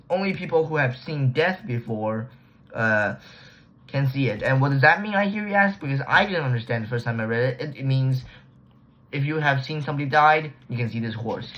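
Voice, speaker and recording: A man's voice: mid-range voice, normal speed, a bit bright. Rambling slangy guy recapping a book. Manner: slangy, restarts often, trails off. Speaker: book reviewer. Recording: dull lo-fi recording.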